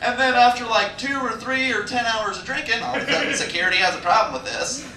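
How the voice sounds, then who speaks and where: A man's voice: very high voice, fast, sharp tone, recorded from a distance. A young man doing a stand-up set, telling a crude, rambling story full of fillers. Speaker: stand-up comedian. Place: comedy club stage. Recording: echoey room recorded from afar, noisy.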